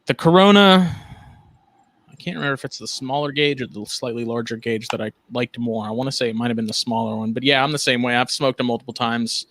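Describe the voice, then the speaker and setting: Bright, dry-sounding man chatting casually. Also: mid-range voice, fast talker, no echo. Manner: easygoing, rambling, blunt opinions. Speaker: podcast co-host, cigar seller. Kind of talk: casual chat.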